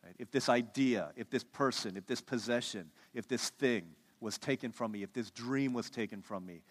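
A man preaching a sermon, animated, acting out the voices of the people he quotes. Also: medium pitch, moderate pace, in a large hall. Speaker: pastor.

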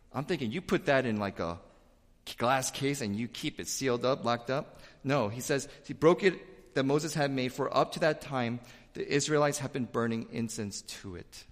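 A man preaching to his congregation, his voice sitting mid-range and rising into loud, emphatic bursts. Long reverb from the church room trails after each phrase. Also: medium pitch, big pitch swings, normal speed. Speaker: pastor. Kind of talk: sermon. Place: church sanctuary.

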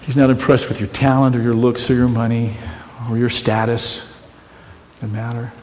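A man preaching a sermon as pastor, conversational and teasing, swinging between loud emphatic bursts and hushed quiet lines. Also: medium pitch, level tone, moderate pace, long reverb tail, slight background noise. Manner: conversational and teasing, with rhetorical questions.

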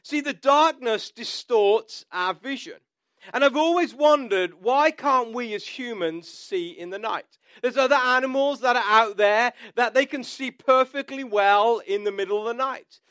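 A man's voice: very high-pitched, unhurried, fairly bright tone, no room sound. A man giving a sermon as a pastor, telling stories in a conversational way with asides.

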